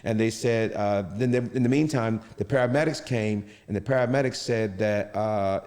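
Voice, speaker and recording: A middle-aged man telling his own story in an interview, halting and often restarting his sentences. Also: on the low side, darkish tone. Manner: halting, with many restarts and fillers. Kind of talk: personal storytelling. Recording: long reverb.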